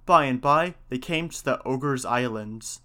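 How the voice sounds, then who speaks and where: A man's voice: medium pitch, measured pace, sharp tone. A man narrating an old folk tale in a folksy, old-fashioned storybook manner.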